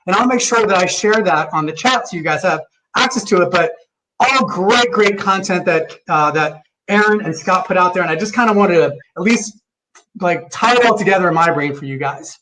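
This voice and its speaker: A man speaking as a chiropractor on a webinar panel, quick and enthusiastic, often stumbling over repeated words. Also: sits high. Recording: distant, noisy video-call audio.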